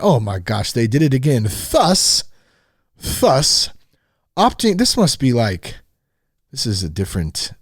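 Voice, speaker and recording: A podcast host with a low, breathy-edged voice reads an article aloud on a studio mic, playfully mocking its wording and laughing often. The recording is dry and the sound clean.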